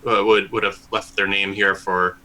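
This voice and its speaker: Male player, bright and sharp tone, lowish voice, hesitant. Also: level tone, normal speed, rough recording. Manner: hesitant, thinking aloud. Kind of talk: tabletop game play.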